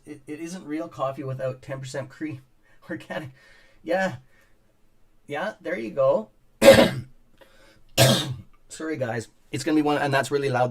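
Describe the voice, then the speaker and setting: A man hosting a casual stock market livestream from his home studio, rambling and swearing as he chats with viewers and keeps clearing his throat. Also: medium pitch. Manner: rambling, profane, greets chat viewers by name. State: clearing throat and coughing often. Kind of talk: casual live-stream chat with viewers. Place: home studio on a top floor.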